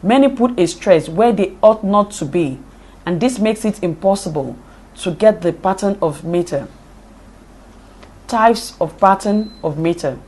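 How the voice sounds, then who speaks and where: A woman delivers a lecture at a very slow, unhurried pace, reading steadily from her notes. Her pitch sits in a middle range for a woman. She spells out each example with care. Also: expressive, a little mellow, breathy edge. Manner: reads notes aloud deliberately, spelling out examples. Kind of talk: slow read-aloud lecture on poetry.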